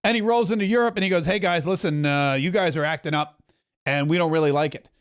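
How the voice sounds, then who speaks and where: A man's voice: on the high side, smooth. A man hosting opinionated political commentary, sarcastic and mocking, speeding up and then drawing words out. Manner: sarcastic, mocking, pace swings between rushed and drawn out.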